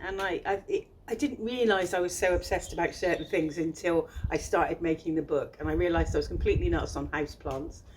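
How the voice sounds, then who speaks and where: A woman's voice: on the low side, a little mellow, a little hiss or hum. An older woman with a thick Bristolian accent, talking casually about her picture book, chatty and self-deprecating with frequent ums and restarts. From England. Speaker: children's book illustrator.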